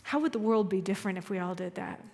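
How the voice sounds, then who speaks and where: A woman's voice: mid-range voice, quick pace, darkish tone. A woman minister giving a conversational sermon, telling stories with a chatty, self-deprecating humor. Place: church sanctuary. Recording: long hall reverb.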